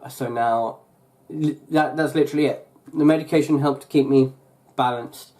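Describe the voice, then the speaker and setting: A man's voice: medium pitch, steady tone, moderate pace, mellow. Rambling young man chatting on a vlog. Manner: rambling, full of fillers and restarts. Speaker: YouTuber. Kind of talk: casual vlog chat.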